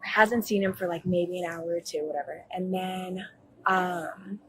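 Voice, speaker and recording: On a bodycam recording with poor audio and slight background noise, a young woman in college explains to police what happened. Her lowish voice is steady and unhurried, though her account rambles with fillers and restarts.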